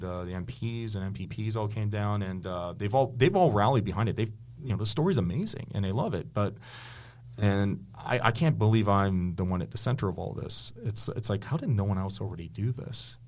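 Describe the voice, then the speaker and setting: A man's voice: fairly low pitch, a little fast, a little mellow. A man, a history teacher and author, telling stories with eager enthusiasm and many restarts in a casual interview. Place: indoors with a podcast host.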